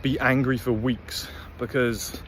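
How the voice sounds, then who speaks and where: This motivational vlogger talks slowly to camera on his own channel, his mid-range voice level and a bit bright. The monologue is blunt, rambling, and full of profanity, and a little hiss or hum sits under the recording.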